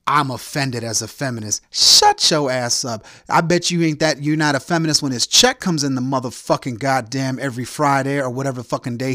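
Male podcast host, foul-mouthed ranter, lively swings in pitch, dry close sound. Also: no echo. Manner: angry, crude, heckling rant. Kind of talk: profane ranting monologue.

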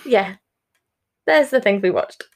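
A woman's voice: medium pitch, expressive, slow. A woman co-hosting a casual podcast in a laid-back, self-mocking way. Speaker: podcast co-host. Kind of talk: casual chat.

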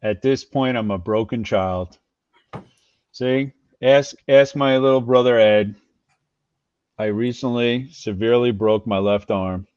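An excitable, animated man from New York, a guest on a casual video call show. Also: mid-range voice, measured pace, smooth, no room sound, lo-fi sound.

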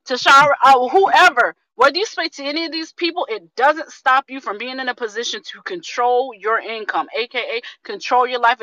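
A woman in her thirties giving an energetic, preachy testimony on a group video call, repeating herself for rhythm and calling her listeners family. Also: fairly high pitch, no room sound, poor audio. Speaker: community member sharing testimony.

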